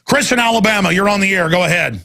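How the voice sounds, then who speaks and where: Gravelly, ranting male radio host. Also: high voice, fast, pushed and bright. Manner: ranting, emphatic, repetitive. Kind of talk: heated talk radio monologue.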